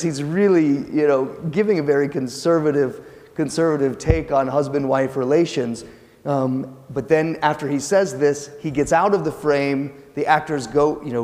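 A man's voice: mid-range voice, darkish tone, big-room sound. A man giving an academic lecture in a conversational, explanatory way with occasional hesitations.

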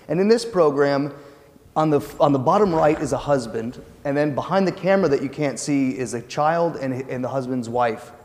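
A man gives an academic lecture, explaining in a relaxed, conversational way with small hesitations. His voice sits at a middle pitch. A long reverb follows his words through a large lecture hall. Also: moderate pace.

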